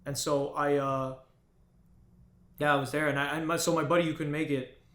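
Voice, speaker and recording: Male vlogger, halting emotional storyteller, slightly high voice, roomy echo. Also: flat delivery, fairly bright tone. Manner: halting, with frequent restarts and fillers. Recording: echoey room.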